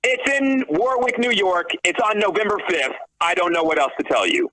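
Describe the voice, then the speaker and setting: A man's voice: high voice, big pitch swings, normal speed, sharp tone, rough recording. Sarcastic profane man ranting. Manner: profane, sarcastic, repetitive restarts. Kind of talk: heated podcast rant.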